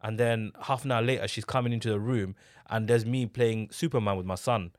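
A young man in a casual podcast chat, telling stories with lively energy, acting out what others said, often restarting his sentences. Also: on the low side, brisk, no room sound, studio quality. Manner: animated storyteller, acts out what others said.

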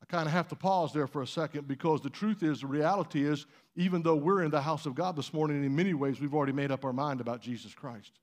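A man's voice: fairly high pitch, fast talker, few pauses. A man preaching a sermon in church, conversational and emphatic, with rhetorical questions. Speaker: pastor.

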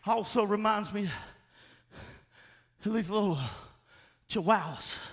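A man preaching a sermon, emphatic and call-and-response, often shouting his points. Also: high voice, slow pace.

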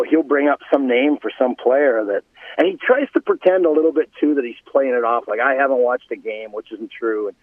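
A middle-aged man, a former hockey player, telling animated anecdotes in casual conversation. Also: medium pitch, dry recording. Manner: animated anecdotes, laughing, restarts. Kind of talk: casual storytelling. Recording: phone line.

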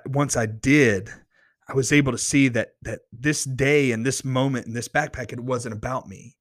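A man shares a personal faith story, earnest and easily excited, tripping over his words and restarting lines as he gets worked up. His voice sits at an ordinary middle pitch. It is recorded close on a microphone with a dry sound. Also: dry recording. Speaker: podcast host. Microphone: close studio microphone.

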